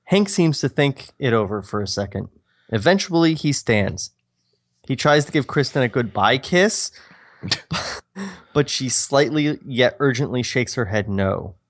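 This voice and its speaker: A man's voice: mid-range voice, very animated, measured pace, no echo, studio quality. A man co-hosting a podcast, reading his own old screenplay aloud with self-mocking asides. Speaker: podcast co-host.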